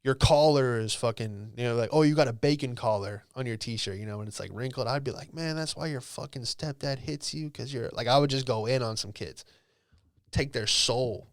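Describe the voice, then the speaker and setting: Young male podcast host, smooth clear voice, dry close mic, swears and rambles. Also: medium pitch, dry recording. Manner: profane, rambling, lots of "bro" and "dude". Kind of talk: casual storytelling monologue.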